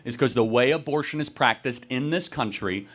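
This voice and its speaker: A man hosting a campus debate, arguing quickly and assertively with audience members, with a sarcastic streak. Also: mid-range voice, a bit bright. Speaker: debate host taking audience questions.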